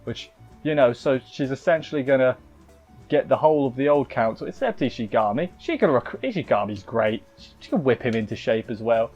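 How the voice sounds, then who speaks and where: A man's voice: mid-range voice, animated, fairly quick, a little mellow, muffled recording, soft background music. A man casually reviewing an anime episode, rambling and restarting with wry asides.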